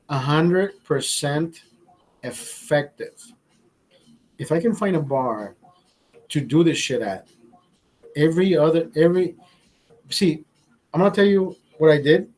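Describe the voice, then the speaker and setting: A man tells a story in a casual, profane way, his voice sitting a bit higher than most men's. He jumps into the voices of the people he quotes as he goes. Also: low-quality recording. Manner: profane, animated, acts out quotes. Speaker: host.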